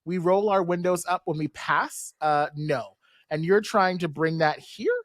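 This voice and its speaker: A podcast host giving a casual, animated and sassy recap full of slang and quick asides. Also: mid-range voice, no room sound, clean studio sound. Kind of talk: casual recap of a cartoon episode.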